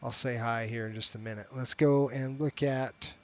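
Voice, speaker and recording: A man's voice: medium pitch, fairly even intonation, moderate pace. A middle-aged man streaming a flight sim, chatting casually and talking straight to his viewers. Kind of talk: casual live-stream chat and commentary.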